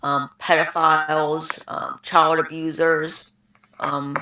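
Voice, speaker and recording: A woman chiming in casually on a fan story, halting with "um" and swearing now and then. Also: low voice, level tone, bright, forceful tone. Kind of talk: casual fan-fiction chat. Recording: echoey lo-fi mic with faint hiss.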